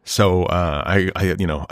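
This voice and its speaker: A man's voice: sits low, steady tone, a little slow, smooth, no room sound, clean studio sound. A middle-aged man hosting a podcast, talking in a rambling, wry monologue with profane asides. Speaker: podcast host. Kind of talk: casual monologue.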